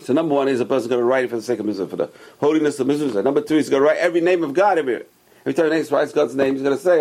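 A man giving a religious Torah class, emphatic and repetitive, rising sharply on stressed words and dropping low on asides. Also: rapid-fire, a little mellow. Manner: emphatic, repeats key phrases. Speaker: religious teacher.

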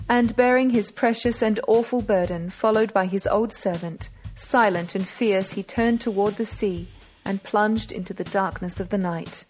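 A woman reads a classic novel aloud in a measured, dramatic way. Her voice sits mid-range for a woman, and faint music hums behind it. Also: medium pitch, a little mellow. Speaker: audiobook narrator. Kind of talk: audiobook narration.

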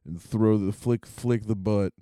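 A young man riffing on a comedy podcast, swearing freely and laughing through his stories. His voice sits low and mellow, smooth and clean. The sound is dry and close. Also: measured pace, dry recording. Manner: crude, laughing, acts out quotes in funny voices. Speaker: podcast co-host. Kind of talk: casual comedic chat.

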